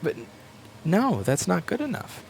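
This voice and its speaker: A man's voice: sits high, huge pitch swings, gravelly, a little mellow, slight background noise. Blunt, sweary man ranting at a workbench. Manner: blunt and sweary, with quick mocking asides. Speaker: repair shop owner. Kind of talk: profane ranting while working. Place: repair shop workbench.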